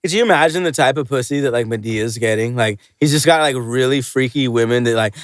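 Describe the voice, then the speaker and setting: A man's voice: medium pitch, fast, hardly any pauses, no room sound. Podcast co-host, young man, rambling and foul-mouthed, dry close mic. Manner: rambling, profane, restarts often. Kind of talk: crude casual chat.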